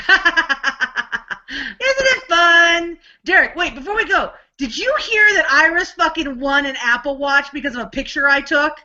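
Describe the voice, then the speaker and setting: A woman co-hosting a casual live video chat, telling stories with lots of swearing and excited outbursts. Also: high voice, unhurried, highs cut off. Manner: animated, swears a lot, excitable storyteller. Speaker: co-host.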